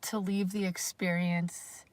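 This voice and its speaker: A woman's voice: on the low side, flat delivery, slow pace. A woman vlogger talking casually on a livestream, rambling and self-conscious, with lots of fillers and the odd swear word.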